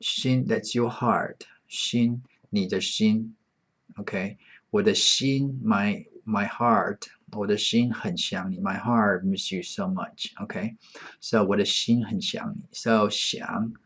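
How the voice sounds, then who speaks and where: A man's voice: lowish voice, steady tone, fairly bright tone, slightly rough. A man teaching an online beginner Chinese lesson, patient and repetitive, saying each word several times. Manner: slow, patient, repeats words often.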